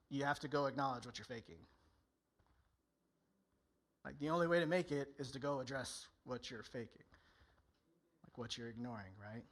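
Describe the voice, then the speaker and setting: A male pastor preaching a candid, conversational sermon in church, often acting out people's inner voices. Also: medium pitch.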